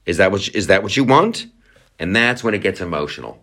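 A man's voice: sits low, expressive, quick pace, pushed and bright. A man hosting a podcast, ranting in a mocking, profane comedic commentary. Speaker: podcast host.

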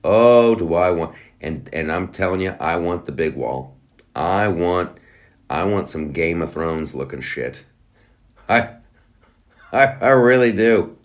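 A man's voice: deep voice, expressive, takes it slowly. A middle-aged man hosting a podcast, talking in a sarcastic, rambling way with many restarts. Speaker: podcast host. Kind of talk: casual monologue.

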